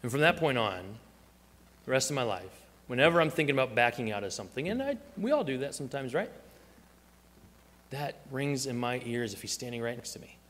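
A male pastor preaching a sermon, his voice carrying a long echo through a large church hall. He tells stories and acts out the quoted voices. His pitch sits in the middle of the male range. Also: sing-song, brisk, a bit bright.

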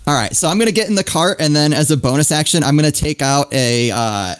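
A man's voice: on the high side, expressive, fast, clear, resonant tone. A man playing in a tabletop game, joking casually. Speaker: player.

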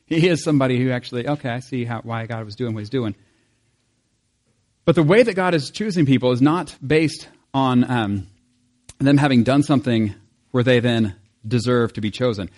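A man's voice: medium pitch, expressive, normal speed, a little mellow. Conversational male pastor preaching. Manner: conversational, acts out quoted voices, chuckles often. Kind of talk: sermon.

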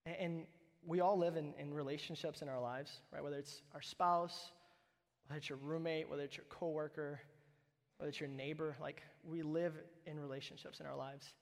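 A man's voice: on the high side, steady tone, normal speed. A man preaching a sermon as pastor, conversational and emphatic, often asking "right?" as he talks. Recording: reverberant hall.

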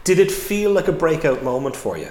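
A man's voice: on the high side, animated, fairly quick, a little mellow, echoey room, a little hiss or hum. A man interviewing, asking short prompting questions and affirming often. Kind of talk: conversational interview.

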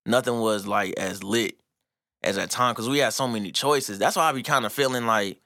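A man in casual chat, telling stories in a relaxed, slangy way and laughing often. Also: fairly low pitch, moderate pace, no room sound, studio quality. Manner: laid-back slangy storytelling, laughs often.

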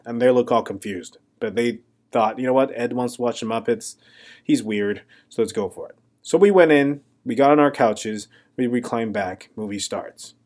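A young adult man, a comedian and podcast host, telling a self-mocking story in a casual, deadpan monologue. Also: medium pitch.

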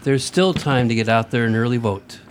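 A man's voice: mid-range voice, a little fast, slight background noise. A man co-hosting a radio show, asking questions in a plain, matter-of-fact way. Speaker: radio co-host. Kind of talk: casual radio chat.

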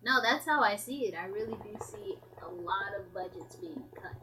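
A young woman from the United States co-hosting a casual chat, excitable and teasing, often laughing. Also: mid-range voice, moderate pace, background noise. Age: young adult.

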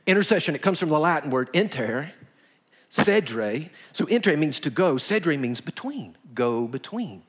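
A male pastor, preaching a sermon full of lively stories and acted-out quotes. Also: a little high, normal speed. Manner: animated, emphatic, acts out quotes in a whisper or shout. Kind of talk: storytelling sermon.

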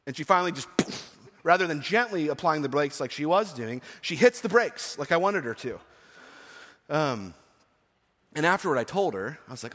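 A man's voice: fairly high pitch, lively intonation, normal speed, fairly bright tone. A pastor in his forties preaching an earnest, emphatic sermon to his church, with chatty personal asides. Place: church sanctuary. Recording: long reverb of a church hall.

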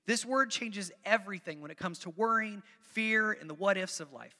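High, bright-voiced preacher in a reverberant hall. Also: male voice, normal speed. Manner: conversational, repeats phrases for emphasis; coaxes the congregation to join in. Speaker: pastor. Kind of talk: sermon.

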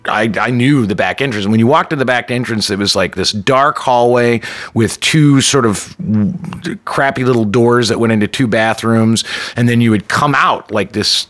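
A man recounting a personal story in a loose, casual way. He rambles a little, throws in "like" and restarts. His voice sits at an ordinary middle pitch. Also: normal speed, fairly bright tone. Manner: loose and conversational, lots of "like" and restarts.

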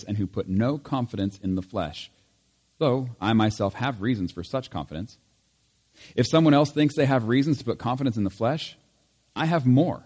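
Low-voiced pastor reading scripture in church. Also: male voice, darkish tone, slightly rough, big-room sound. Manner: measured reading, lifts voice on scripture. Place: church sanctuary.

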